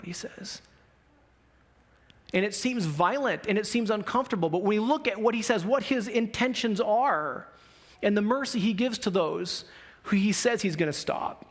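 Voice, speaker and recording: A male pastor preaching a sermon in a casual, animated storytelling way, acting out the people in his stories. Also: high voice, normal speed. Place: church.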